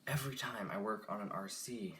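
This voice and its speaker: A man's voice: on the low side, a little fast, very noisy. Frustrated young man muttering on a live stream. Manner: frustrated, muttering and sighing while working. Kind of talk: casual live stream chat. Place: home, working on a toy car.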